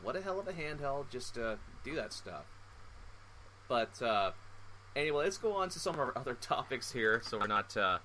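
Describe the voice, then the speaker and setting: Bright-voiced young man rambling casually. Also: medium pitch, sing-song, moderate pace, slight background noise, rough recording. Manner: rambling, full of fillers, reminiscing. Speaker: podcast co-host. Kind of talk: casual chat.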